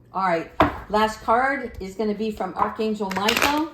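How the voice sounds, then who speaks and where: A middle-aged woman giving a spiritual tarot card reading in a gentle, encouraging, affirming way. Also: mid-range voice, normal speed, very noisy. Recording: echoey room.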